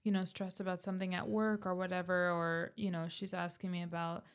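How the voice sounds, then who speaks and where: Gravelly, flat-toned young woman. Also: fairly low pitch, fairly quick. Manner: candid, self-questioning. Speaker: podcast co-host, daughter. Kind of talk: casual conversation.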